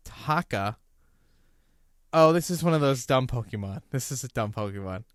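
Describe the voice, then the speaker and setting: Joking man from Ohio, smooth voice. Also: mid-range voice, animated, normal speed, no echo, studio quality. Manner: joking, sarcastic, playful. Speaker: podcast co-host. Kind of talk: casual chat.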